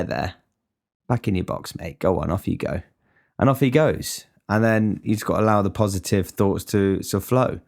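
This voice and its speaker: Guy, low voice, casual sweary rant, cook. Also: gravelly. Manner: ranting, sweary, chatty. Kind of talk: casual monologue.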